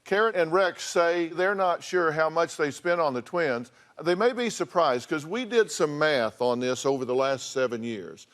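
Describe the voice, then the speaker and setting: Blunt older American talk show host. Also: male voice, on the high side, normal speed, few pauses, fairly bright tone. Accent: Southern American. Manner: blunt, scolding, reads out figures. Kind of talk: confrontational talk show advice.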